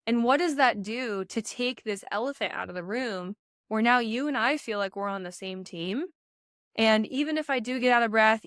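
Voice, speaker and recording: A woman's voice: medium pitch, clean tone, no echo, studio quality. A young woman and pageant coach giving emphatic podcast advice, addressing listeners directly, heavily pregnant and a little out of breath. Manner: energetic, emphatic, addresses listeners as "you guys".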